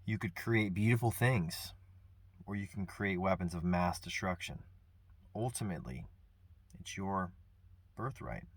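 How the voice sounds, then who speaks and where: Low husky man, earnest and reflective. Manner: earnest, soft-spoken, reflective with pauses. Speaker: vlogger sharing personal grief. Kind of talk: reflective personal talk.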